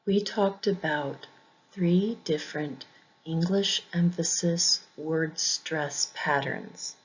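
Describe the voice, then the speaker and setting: A woman teaching English pronunciation in a scripted lesson, saying each example word twice in a deliberate way. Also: fairly low pitch, darkish tone, slightly rough, muffled recording.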